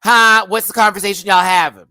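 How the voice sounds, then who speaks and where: A man doing an impression of a loud, sassy drag queen who brushes off talk of an alliance and keeps repeating herself. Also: sits high, steady tone, a little fast, dry recording, voice pushed up. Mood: playfully evasive. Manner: brash, sassy, repeating itself.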